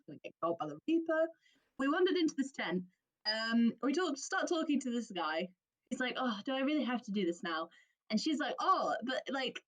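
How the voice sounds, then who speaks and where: A woman from England co-hosting a podcast, telling an animated story with plenty of laughter and quoted voices. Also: a little high. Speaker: podcast co-host. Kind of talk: casual chat, storytelling.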